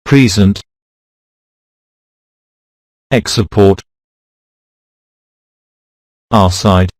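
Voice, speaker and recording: A man with a lowish voice reads a pronunciation lesson in a slow, measured way, saying each example word on its own. The sound is close and dry, with no room around it. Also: no room sound. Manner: slow, deliberate, reads words out one by one. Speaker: pronunciation teacher. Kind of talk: scripted instructional narration.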